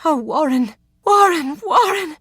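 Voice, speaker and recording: A woman reads the part of a coquettish Regency-era young lady, teasing with arch playfulness in a sing-song lilt at a moderate pace. Her middling voice is recorded dry and close, with no room around it.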